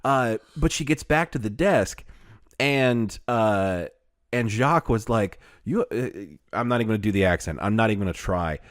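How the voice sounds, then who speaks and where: Rambling low-voiced man chatting. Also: expressive, no echo, studio quality. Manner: rambling, halting, laughs often. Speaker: podcast co-host. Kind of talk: casual chat.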